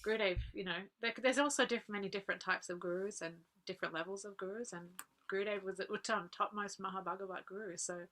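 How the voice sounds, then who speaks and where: A woman, earnestly recalling personal memories as a guest speaker, laughing softly now and then. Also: mid-range voice, fairly even intonation, fast talker, hardly any pauses. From Australia. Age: 40s. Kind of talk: personal reminiscence talk.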